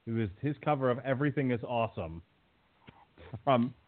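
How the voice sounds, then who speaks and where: A man hosts a loose podcast chat, cracking jokes and laughing often. His voice sits at an ordinary mid pitch. The audio is narrow and tinny, like it came down a phone line. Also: normal speed. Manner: joking, laughs often between remarks. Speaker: podcast host. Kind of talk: casual chat.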